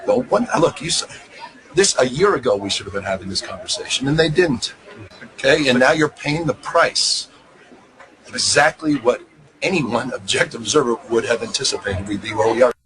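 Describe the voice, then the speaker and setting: A man's voice: medium pitch, normal speed, a bit bright, a faint crowd, slight background noise, poor audio. A man answering questions at a press interview, speaking in emphatic, punchy soundbites, heard as a clip played on air.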